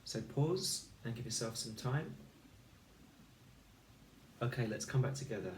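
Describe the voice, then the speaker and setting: Man, phonics teacher, unhurried careful speech, sounds out letters, echoey room, set back from the mic. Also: mid-range voice, expressive, distant mic, a little hiss or hum. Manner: slow, clear, sounds out letters and words. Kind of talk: recorded phonics lesson for children.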